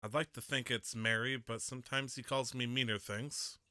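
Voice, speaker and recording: A man taking part as a player in a tabletop game, talking in a measured, deliberate way. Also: mid-range voice, steady tone, sharp tone, no room sound, studio quality. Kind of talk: tabletop role-play.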